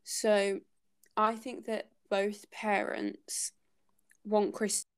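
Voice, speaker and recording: A woman's voice: mid-range voice, flat delivery, drawn-out words, smooth. A woman hosting a casual book-club podcast, thinking aloud and hesitating with many fillers as she talks through a chapter.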